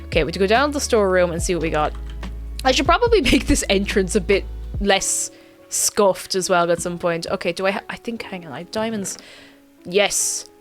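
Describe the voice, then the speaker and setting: A woman's voice: mid-range voice, lively intonation, brisk, soft background music. A woman chatting casually with her viewers while playing a game, rambling and giggling between asides. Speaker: game streamer. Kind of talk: casual live-stream chat while playing.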